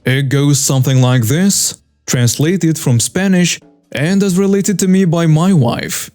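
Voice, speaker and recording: A man's voice: on the high side, unhurried, darkish tone, faint music behind. A man narrating a written story with a dry, wry delivery.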